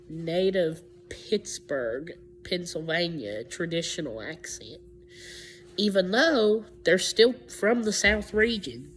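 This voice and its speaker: Woman, unscripted explainer talk, slow, rambling, restarts often, faint hum behind. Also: fairly low pitch. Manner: rambling, with frequent restarts and self-corrections. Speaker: vlogger explaining accents.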